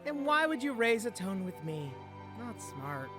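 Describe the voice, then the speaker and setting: Sassy deadpan young adventurer voiced by a woman, lively inflection, faint music under. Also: on the high side, a little slow. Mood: sarcastic. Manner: deadpan, sarcastic. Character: sassy young male adventurer, dry and blunt. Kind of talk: fan abridged dub.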